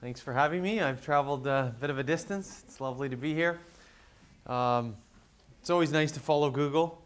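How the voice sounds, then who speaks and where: A man's voice: mid-range voice, brisk, smooth. A man with a Canadian accent gives a conference talk in a loose, conversational way. He often trips over a phrase, drops an "uh" or "um", and starts the thought again. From West Coast of Canada. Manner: conversational, often restarts mid-phrase with fillers. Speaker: conference speaker. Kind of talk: conference presentation.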